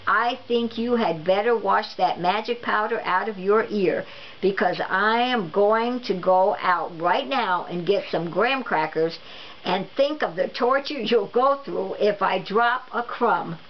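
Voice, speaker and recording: A woman voicing a slight, patient wife in a storybook read-aloud, calm, matter-of-fact and gently firm. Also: medium pitch, unhurried, close to an everyday voice. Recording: dull lo-fi recording with faint noise.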